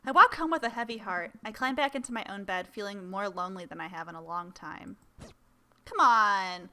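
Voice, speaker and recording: A woman's voice: medium pitch, quick pace, a little hiss or hum. A woman playing a dating game, reading the lines aloud and reacting with laughter. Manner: animated, laughing often, switching between reading and reacting. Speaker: gamer playing a dating sim. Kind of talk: let's play commentary and reading aloud.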